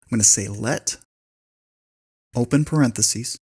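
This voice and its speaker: A man hosting a spreadsheet tutorial, calmly dictating a long formula step by step. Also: mid-range voice, unhurried, breathy edge. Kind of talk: screen-recorded software tutorial.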